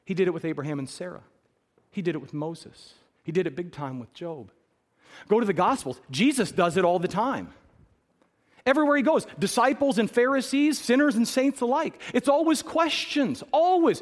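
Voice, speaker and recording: A male pastor delivers a sermon in a high voice. His delivery is emphatic, and he repeats key phrases to drive them home. His pitch leaps and falls widely as he presses each point. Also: animated, normal speed.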